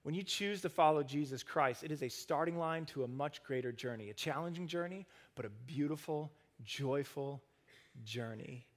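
Male pastor, sermon, earnest, lighter voice, swells and hushes. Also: a little high, moderate pace. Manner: earnest, building to emphatic stresses then dropping soft.

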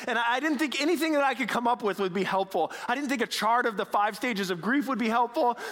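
A pastor telling a story in a sermon, animated, moving between hushed moments and emphatic ones. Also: male voice, very high-pitched, fast. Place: church sanctuary. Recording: long church reverb.

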